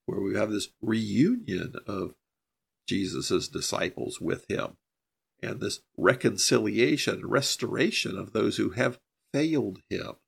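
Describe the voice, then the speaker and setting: A man leads a verse-by-verse Bible lesson, laying out each verse plainly before pressing home its main point. His low, heavily gravelly voice has a husky edge, and his pitch rises and falls a lot as he explains. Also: lively intonation, measured pace. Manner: explains verses plainly, then stresses key points emphatically. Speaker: Bible teacher. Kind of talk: verse-by-verse Bible teaching podcast.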